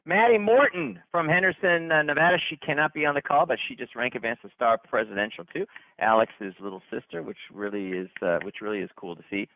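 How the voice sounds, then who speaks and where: A man hosting a company conference call, hyped and chatty, repeating himself and restarting sentences as he gives shout-outs. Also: on the high side, lively intonation, a little fast, gravelly, no echo. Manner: hyped, repetitive, stumbling restarts. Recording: tinny dry phone line.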